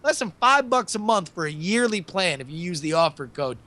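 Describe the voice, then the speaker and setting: High, bright-voiced man doing a goofy ad read. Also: very animated, a little fast. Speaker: co-host reading an ad. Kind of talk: comedic ad read.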